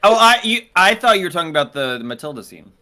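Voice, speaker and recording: A man's voice: high-pitched, very animated, quick pace, pushed and bright. A man playing in a tabletop game show who drops dry, joking asides. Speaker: player. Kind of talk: casual chat.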